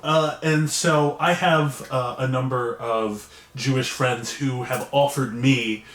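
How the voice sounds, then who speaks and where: A man hosting an interview, asking questions in a calm, measured, gentle way. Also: mid-range voice, roomy sound. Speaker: interview host.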